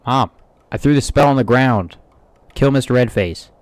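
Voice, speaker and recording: A man's voice: mid-range voice, normal speed, no echo. A man in casual let's-play commentary, joking, swearing and muttering reactions on a close microphone. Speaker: gaming streamer.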